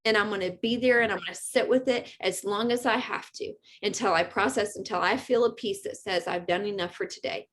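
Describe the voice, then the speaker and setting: A woman giving an earnest, animated motivational talk, speaking straight to her viewers on a live stream. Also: medium pitch, fairly quick, hardly any pauses, slight background noise. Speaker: spiritual medium and host.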